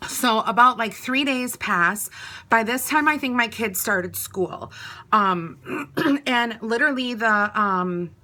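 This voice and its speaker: A woman's voice: a little high, slow, sharp tone. A woman, telling a personal story in a casual, chatty way, full of "like" and acted-out quotes. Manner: chatty, many "like"s, acts out quoted talk.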